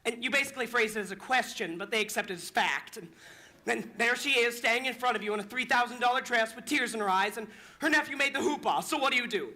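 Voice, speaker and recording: A man's voice: very high-pitched, fast, pushed and bright, exaggerated voice. A young man in a school musical playing a lonely theatre fan who narrates in a confiding, rambling way. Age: young adult. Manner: confiding, rambling, bitter asides. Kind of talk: high school musical stage acting.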